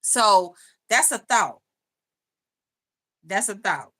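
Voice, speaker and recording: A YouTube livestream host chats loosely with her viewers, laughing often and reading their comments aloud. Her mid-range voice is a bit bright with lively intonation, and she draws out her words in this casual live chat.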